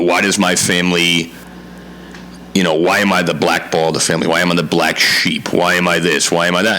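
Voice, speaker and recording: A man's voice: low-pitched, sharp tone, low-quality recording. A man in his thirties from Connecticut, hosting his own podcast and talking candidly and earnestly about his life, swearing now and then. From Connecticut, USA. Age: 30s. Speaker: podcast host. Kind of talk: casual solo podcast monologue.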